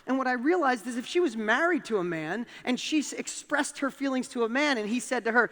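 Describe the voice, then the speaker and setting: A man with a New York accent tells a personal story on stage, his voice rising sharply with emphasis. He speaks in a fairly high register for a man. A long hall reverb trails each phrase. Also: brisk, hardly any pauses. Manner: animated storytelling, emphatic rises. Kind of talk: motivational talk.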